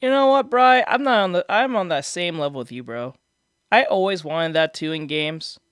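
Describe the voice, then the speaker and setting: A man's voice: fairly high pitch, expressive, normal speed, a bit bright, clear, resonant tone, no echo, clean studio sound, faint music behind. A man chatting casually on a stream, answering viewers and explaining things in a rambling way, restarting sentences and laughing at his own jokes. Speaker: streamer reacting to viewer comments. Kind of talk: casual live-stream chat. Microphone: desk microphone.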